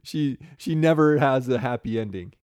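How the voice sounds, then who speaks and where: A man's voice: mid-range voice, lively intonation, moderate pace, a little mellow, clear, resonant tone, no room sound. Man, casual film chat, chatty, quotes lines, dry close recording. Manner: chatty, fills in names and details, quotes lines with a chuckle. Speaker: podcast co-host.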